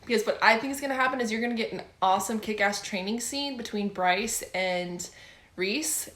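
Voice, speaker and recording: A young adult woman chatting casually about books she has read, gushing and excitable and often laughing. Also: mid-range voice, fairly quick, reverberant. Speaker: book vlogger. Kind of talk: casual book review chat.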